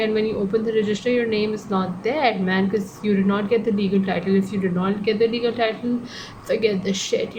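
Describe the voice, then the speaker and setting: A woman giving a casual online law lecture, talking in a chatty, digressive way, often correcting herself and adding joking asides. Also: medium pitch. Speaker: law tutor. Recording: clear background noise.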